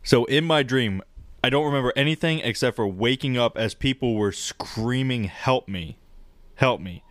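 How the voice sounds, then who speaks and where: A man in casual podcast chat, rambling and swearing as he tells an animated story about dreams. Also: mid-range voice, moderate pace, dry recording. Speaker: podcast co-host.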